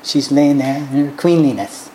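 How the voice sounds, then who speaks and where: A woman preaching a sermon, retelling a Bible story in an animated way and acting out the characters with big swings in her voice. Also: rumbling low, normal speed, roomy sound, slight background noise.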